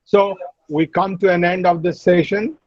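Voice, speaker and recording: A man with an Indian English accent explaining word stress in an online class, working methodically through each example and often clearing his throat. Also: high-pitched, fairly even intonation, normal speed, a little mellow, no echo. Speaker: English teacher. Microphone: video call. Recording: dull lo-fi video call audio.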